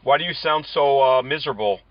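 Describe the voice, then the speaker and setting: A man's voice: medium pitch, quick pace, no room sound. A man prank-calling scammers, taunting and insulting them in a mocking tone. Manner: mocking, insulting, laughs at his targets. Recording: muffled lo-fi audio.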